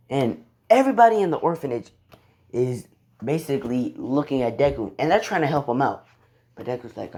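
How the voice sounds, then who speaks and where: A man's voice: medium pitch, sing-song, moderate pace, pauses often, warm tone, slightly rough. A young man casually retelling a fan story from his bedroom, rambling and swearing offhandedly. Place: bedroom at home.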